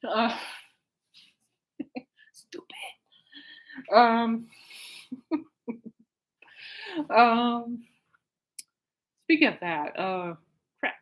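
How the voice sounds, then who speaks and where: A woman's voice: fairly high pitch, sing-song, extremely slow, long pauses, highs cut off. A woman hosting her own podcast in a casual chat, rambling with lots of fillers and laughing often. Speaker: podcast host.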